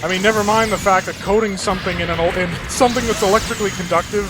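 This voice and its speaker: A man's voice: high voice, steady tone, rapid-fire, background noise. A man hosting a let's-play, commenting in a rambling, profane, digressive way. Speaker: gaming channel host. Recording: game music playing underneath.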